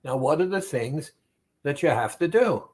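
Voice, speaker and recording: A man, a therapist, speaking directly to the listener about weight loss in a deliberate, repetitive, emphatic monologue. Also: a little high, lively intonation, darkish tone, slightly rough.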